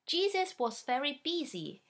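Slow, lively woman reading a storybook. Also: high voice. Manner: slow, animated and playful, talking to a small child. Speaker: storybook reader. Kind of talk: reading a children's picture book aloud. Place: at home.

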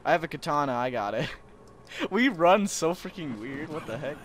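A teenage guy chatting casually over a multiplayer game, laughing a lot and reacting with surprise. His voice sits a bit high and moves all over the place. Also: animated, normal speed, crowd noise. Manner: giggly, easily surprised. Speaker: gamer. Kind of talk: casual gaming chat with friends.

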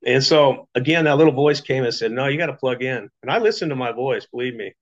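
Middle-aged man, mid pitch, storyteller type, loose conversational delivery, lo-fi sound. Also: animated, fast talker. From Las Vegas, Nevada. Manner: chatty storytelling with fillers and acted quotes. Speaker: business testimonial speaker. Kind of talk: casual personal story. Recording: dull lo-fi recording.

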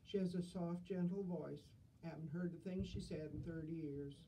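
A woman's voice: on the low side, fairly even intonation, moderate pace, dark tone, recorded from a distance, a little hiss or hum, poor audio. Dry-witted older woman reading humor. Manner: dry, self-deprecating wit.

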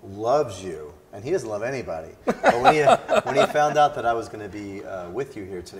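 Lively joking chef co-host, man. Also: on the low side, fairly quick, hardly any pauses. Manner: playful, joking. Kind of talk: casual chat. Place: kitchen showroom.

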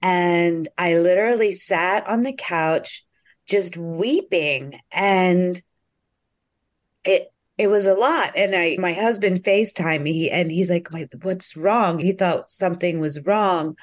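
A woman comedian on a video call, telling a personal story in an animated way and acting out the quotes. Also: on the low side. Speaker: comedian guest.

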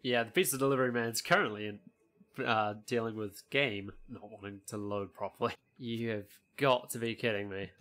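A man with a bright, forceful voice chats with friends while he plays, laughing a lot between exasperated complaints about his connection. He swears lightly and keeps things casual. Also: on the low side, fairly even intonation, moderate pace. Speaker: gaming channel host. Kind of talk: casual gameplay chat.

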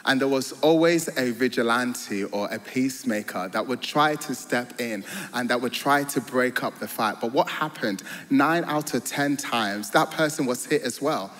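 A man's voice: mid-range voice, moderate pace, few pauses, a bit bright. A man preaching a sermon in a church, earnest and storytelling, building to joyful emphasis. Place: large church hall. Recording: long hall reverb.

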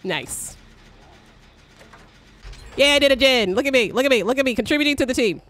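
A young woman streamer giving live gameplay commentary, excitable, swearing and shrieking when startled. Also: sits high, a little fast.

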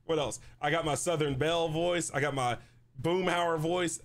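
Young male streamer, slightly higher voice, casual slangy game commentary. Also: normal speed. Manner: loose slangy chatter, laughs often. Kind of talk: casual let's play commentary. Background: faint game music.

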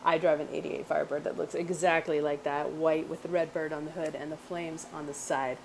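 Chatty woman with a low voice. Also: level tone, fairly quick, slight background noise. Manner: chatty, laughs often, rambling asides. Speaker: screenwriter hosting a script read stream. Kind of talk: casual chat.

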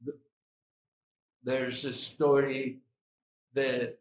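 A man giving an evening sermon as a swami, speaking slowly and deliberately with repetitions and asides. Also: medium pitch, flat delivery, slight background noise. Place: hall at an evening gathering. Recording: echoey hall.

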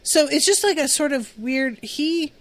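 A woman's voice: sits high, expressive, a little slow. A woman hosting a podcast, chatting casually through a TV episode recap with lots of fillers and acted-out quotes. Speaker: podcast host.

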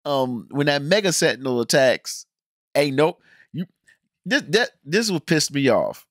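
A man hosting a casual reaction review, ranting in an animated, emphatic, slangy way with many restarts. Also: a little high, measured pace, dry recording, studio quality. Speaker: reaction channel host.

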